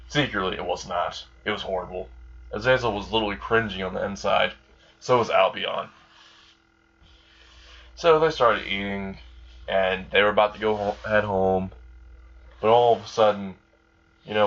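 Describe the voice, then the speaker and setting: A man rambling through a casual fan story, swearing freely and chuckling at his own jokes. His voice sits on the low side, and the recording is dull and lo-fi. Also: a bit bright. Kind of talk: casual fan-fiction narration.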